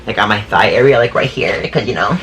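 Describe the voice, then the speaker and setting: A young man telling a story to camera in a casual vlog, sassy and animated, swearing freely and laughing often. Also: on the low side, a little fast, slight background noise.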